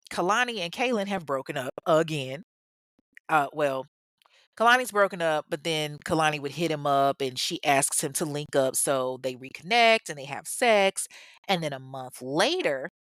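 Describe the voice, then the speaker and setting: Brief: woman storyteller, low-set voice, dry close sound, blunt and sarcastic asides. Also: fairly bright tone, no room sound. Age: adult parent. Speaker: true crime storyteller. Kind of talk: casual storytelling commentary.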